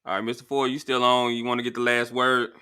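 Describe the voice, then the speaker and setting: A man hosting a live call-in show, chatty and relaxed as he thanks callers and talks to his viewers. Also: mid-range voice, fast, noisy background. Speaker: host.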